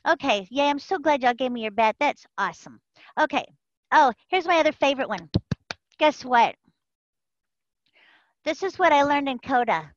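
A woman giving an animated, folksy personal testimony to a support group over an online call, repeating phrases for emphasis. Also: high-pitched, normal speed, pauses often, no room sound. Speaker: member sharing at a support group. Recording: dull lo-fi call audio.

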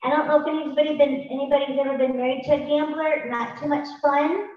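High-voiced woman speaking in an echoey hall. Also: fairly even intonation, quick pace. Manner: warm, chatty and emphatic, with affirmations. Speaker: speaker sharing her story. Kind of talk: motivational testimony to a live audience. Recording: far-off echoey room, dull sound.

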